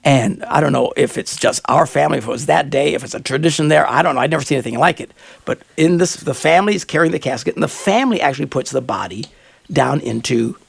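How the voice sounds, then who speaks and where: A man hosting a radio talk show, telling animated stories in a casual chat. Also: quick pace, gravelly, husky. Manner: animated storyteller, jumps into high excited voices. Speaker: radio host.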